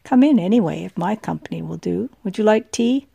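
A woman reading an elderly woman's lines in a storybook reading, speaking with a gently teasing, knowing manner. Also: mid-range voice, expressive, a little fast, gravelly, breathy edge, no echo, exaggerated voice. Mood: warm. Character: elderly woman, warm and wry, fond of her friend.

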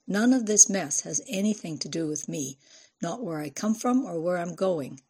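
A woman's voice: fairly low pitch, animated, normal speed, dark tone, slightly rough. A woman voicing an earnest, wary family man.

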